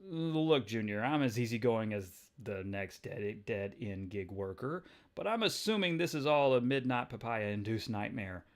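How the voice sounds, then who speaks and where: A man's voice: medium pitch, lively intonation, a little slow, few pauses. A man voicing a wisecracking young male spider-hero who talks with sarcastic quips. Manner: sarcastic, quippy.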